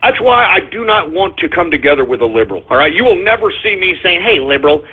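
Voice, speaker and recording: A husky, high-voiced radio host talks fast in a sing-song way while ranting furiously on his call-in show. Expect frequent curses, sighs, and fumbled restarts, all in tinny, phone-quality sound.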